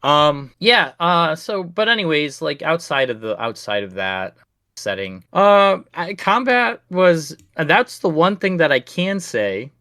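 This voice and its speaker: Bright-voiced rambling podcast guy. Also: on the high side, very animated, a little slow, dry recording, clean studio sound. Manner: rambling, filler-heavy, easygoing. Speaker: podcast co-host. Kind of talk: casual game review chat.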